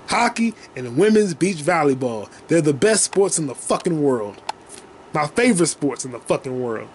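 A man in his twenties hosting a solo comedy podcast from his childhood bedroom, rambling and profane, now and then breaking into loud shouting. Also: sits high. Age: 20s. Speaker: podcast host.

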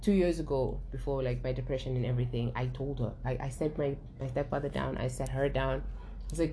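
A woman's voice: rumbling low, steady tone, a little fast, mellow, a little hiss or hum, rough recording. A young woman talking candidly in a casual conversation, open and emotional, swearing freely and restarting her sentences. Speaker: guest sharing her story.

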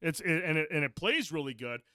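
A man's voice: fairly high pitch, lively intonation, fairly quick, bright, forceful tone, dry recording, clean studio sound. A man co-hosting a podcast, chatting casually and telling rambling, profane stories. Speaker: podcast co-host. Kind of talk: casual chat.

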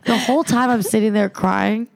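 Gravelly, profane woman storyteller. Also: medium pitch, moderate pace, slight background noise. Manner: animated, profane, acts out quoted voices. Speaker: podcast guest. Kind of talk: casual storytelling chat.

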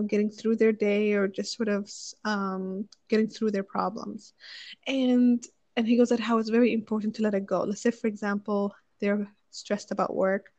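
A woman's voice: mid-range voice, dark tone, no echo. A young woman chatting casually, thinking aloud with many fillers and restarts as she gives marriage advice. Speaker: speaker sharing advice on marriage. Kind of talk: casual chat.

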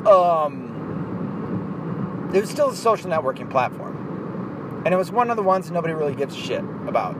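A man's voice: fairly high pitch, sing-song, normal speed, long pauses. Profane man podcasting from his car. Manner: rambling, profane, self-mocking. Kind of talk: casual profane rant. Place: inside a moving car. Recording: car noise behind voice.

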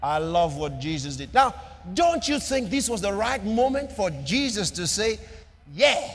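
A man preaching a sermon with an emphatic, repetitive cadence, swinging between loud declarations and soft asides. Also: high-pitched, big pitch swings, moderate pace, long reverb tail, slight background noise. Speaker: pastor.

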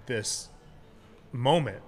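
A man's voice: medium pitch, expressive, very slow, a little mellow. A man in casual podcast talk, candidly telling a personal story with frequent swearing and restarts. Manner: candid and profane, many restarts. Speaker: guest.

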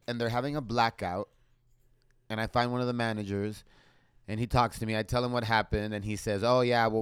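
Smooth-voiced young man telling a story. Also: lowish voice. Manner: animated, swearing, acts out quoted exchanges. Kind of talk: casual storytelling chat.

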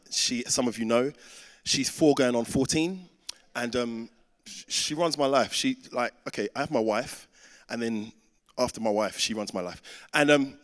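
A man's voice: medium pitch, a bit bright. A man in his thirties preaching a sermon, telling a personal story and acting out the voices in it. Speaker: pastor. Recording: reverberant hall.

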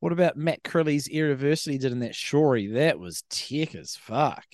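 A man's voice: a little high, expressive, normal speed, a little mellow, no echo, clean studio sound. A man co-hosting a podcast, easygoing, sweary and self-deprecating in casual chat. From New Zealand. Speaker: podcast co-host.

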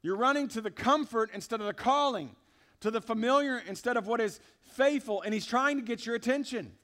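A man's voice: sits high, fairly bright tone. A man preaching a sermon in a church service, emphatic and conversational, talking straight to the congregation. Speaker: pastor.

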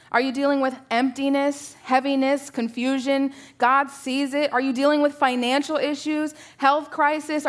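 A woman in her thirties preaching a sermon to a church, telling personal stories in a conversational, animated way with many rhetorical questions. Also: high voice.

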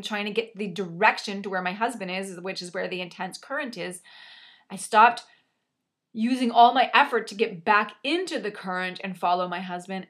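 A woman's voice: mid-range voice, fairly bright tone. A woman telling a personal story with dramatic, self-mocking exaggeration and some mild swearing. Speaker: storyteller sharing a personal anecdote.

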